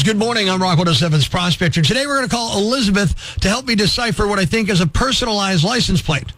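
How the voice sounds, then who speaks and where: A man with a notably high speaking voice hosting a morning radio show. He rants with comic exasperation and throws in sarcastic asides, speaking into a studio mic. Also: animated, fast talker, hardly any pauses, fairly bright tone, faint music behind. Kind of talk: comedic radio talk and rant.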